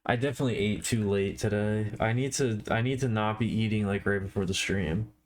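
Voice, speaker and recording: Man, low-ish voice, tired, slow stoner drawl, casual live-stream talk, desk mic. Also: a little hiss or hum. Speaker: art streamer.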